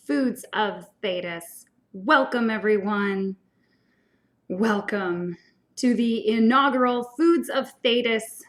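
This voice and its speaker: A woman hosting a casual livestream eating show, chatting in a bubbly, enthusiastic way. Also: medium pitch. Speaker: host.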